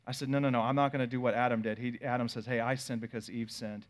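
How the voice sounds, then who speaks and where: A pastor in his thirties telling a family story in a sermon, swinging from loud bursts to quiet asides. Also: mid-range voice, flat delivery, quick pace.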